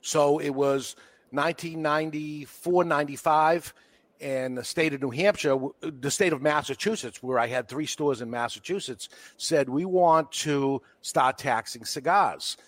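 A man's voice: a little high, unhurried, no echo. A man with a Boston accent, a cigar retailer talking casually on a podcast and acting out quotes as he tells stories. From Boston, USA. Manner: animated storyteller, acts out quotes.

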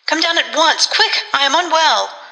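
A woman's voice: high voice, fairly even intonation, moderate pace, sharp tone, in a large hall, pitched above the performer's own voice, rough recording. A woman voicing a hysterical guilt-ridden old woman. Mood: terrified. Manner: panicky, pleading, breaking into screams.

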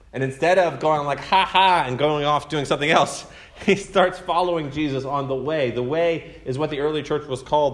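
A man's voice: on the high side, fairly bright tone, reverberant. A man preaching a conversational sermon to his congregation, telling a story and acting out the quoted voices. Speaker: pastor. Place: church sanctuary.

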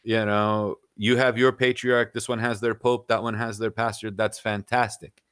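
A man's voice: lowish voice, flat delivery, normal speed, a bit bright, clear, resonant tone, no room sound, clean studio sound. A middle-aged man talking bluntly and at length as a podcast guest, peppering his points with "you know". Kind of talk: casual opinionated chat.

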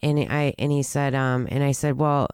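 A woman telling a personal story in a halting, earnest way, with many restarts and fillers. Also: extremely low pitch, little pitch movement, darkish tone, clean tone, no echo, clean studio sound. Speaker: guest telling her recovery story.

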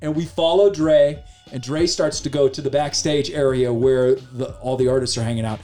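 A middle-aged man co-hosting a podcast, telling a story in a lively, casual way and cursing freely. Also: medium pitch, moderate pace, faint music behind. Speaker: podcast co-host.

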